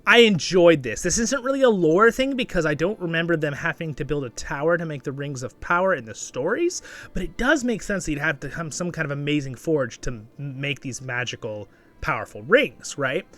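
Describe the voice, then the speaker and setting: A man hosting a casual episode review, chatty and rambling, often tagging "right?" and jumping up in excitement. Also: fairly high pitch, a little fast. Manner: animated, with sudden excited jumps. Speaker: show reviewer and channel host.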